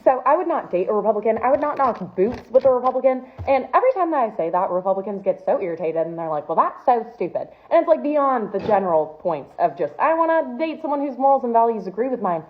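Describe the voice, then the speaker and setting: Young woman ranting, exasperated and incredulous, bouncy highish voice, sounds like it's through a phone. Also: sing-song, quick pace, hardly any pauses, narrow, tinny audio. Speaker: comedic storyteller. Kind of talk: comedic rant to camera.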